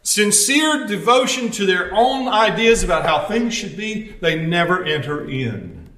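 High, bright-voiced male pastor preaching. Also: sing-song, unhurried, roomy sound. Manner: storytelling, wry asides. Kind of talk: conversational sermon.

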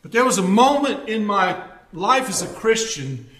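Male preacher, chatty storytelling sermon with dry humor, sharp bright tone, roomy echo. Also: high voice, big pitch swings, normal speed. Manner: storytelling, wry asides. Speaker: pastor. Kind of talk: conversational sermon.

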